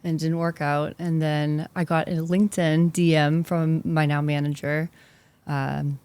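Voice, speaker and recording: A young woman with a Boston accent telling her career story as a guest, animated and quick in bursts with filler words. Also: low-pitched, clean tone. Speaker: investment specialist guest. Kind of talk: casual interview storytelling.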